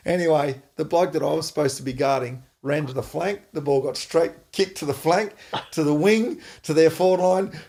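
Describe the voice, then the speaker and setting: Aussie bloke spinning a footy yarn, gravelly voice, laughs a lot. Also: male voice, on the high side, moderate pace. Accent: Australian. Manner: animated, laughing storyteller. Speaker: podcast host, former footballer. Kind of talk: casual storytelling chat.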